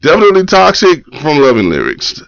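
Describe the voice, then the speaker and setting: A man's voice: fairly high pitch, huge pitch swings, a little fast, vocal fry, a bit bright, dry recording. A man hosting a morning poetry live stream, chatting casually and loosely with slang, greeting viewers and reading their comments. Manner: laid-back, loose slang, repeats phrases. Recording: dull lo-fi live stream audio.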